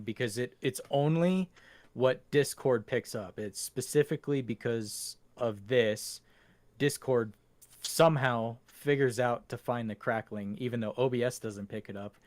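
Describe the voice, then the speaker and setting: A man's voice: fairly low pitch, a little mellow, no echo. Rambling podcast guy, dry close mic. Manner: rambling, laughs often. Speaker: podcast co-host. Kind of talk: casual chat. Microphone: home computer setup.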